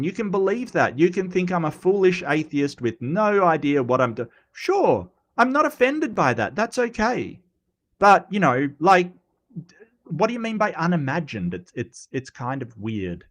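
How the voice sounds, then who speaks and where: Male livestream host, casual commentary, slightly high voice with animated pitch, teasing, stumbling restarts. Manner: chatty, repeats words, many fillers, teasing. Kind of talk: casual live commentary reading chat.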